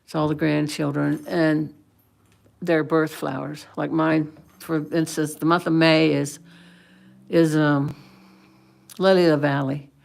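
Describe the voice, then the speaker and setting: An older woman in her sixties hosts a casual livestream and chats to her viewers. Her low voice has a heavy gravelly fry, and she rambles along with plenty of fillers and restarts. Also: level tone, measured pace, pauses often, a little mellow. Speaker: livestream host.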